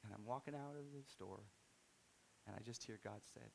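A man in his thirties preaching a sermon, telling a story and swinging from soft-spoken to loud, excited outbursts. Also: on the low side, moderate pace, gravelly, slight background noise. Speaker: pastor.

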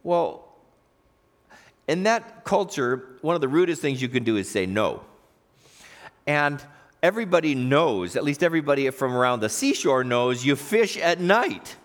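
A man's voice: mid-range voice, big pitch swings, normal speed. A man pastor preaching a sermon, telling a story with animation and acting out the voices in it.

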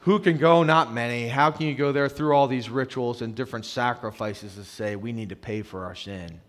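A male pastor preaching a conversational sermon, swinging from loud emphatic stretches to hushed, quiet ones, and often repeating words as he starts a phrase. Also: medium pitch, moderate pace.

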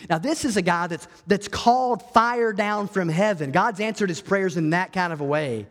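Pastor preaching, lively storyteller voice, kinda high, big echoey church hall. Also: male voice, normal speed, hardly any pauses. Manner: animated storytelling, acts out voices. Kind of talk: sermon.

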